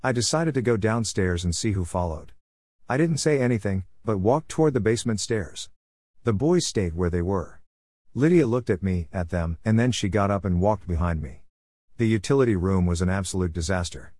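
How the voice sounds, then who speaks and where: A man reading a family story aloud in the first person, in a steady, even storytelling manner. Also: on the low side, normal speed, no echo, clean studio sound. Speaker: audiobook narrator.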